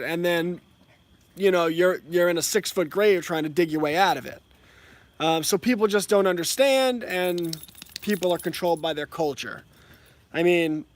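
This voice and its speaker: Young guy teaching, blunt and opinionated, pretty high voice, dry sound. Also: dry recording. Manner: frank, opinionated, explaining with examples. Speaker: educator. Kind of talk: casual commentary.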